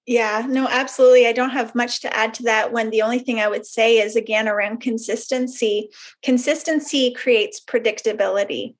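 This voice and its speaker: Woman, higher voice, webinar presenter, explanatory, everyday examples. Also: fairly even intonation, normal speed.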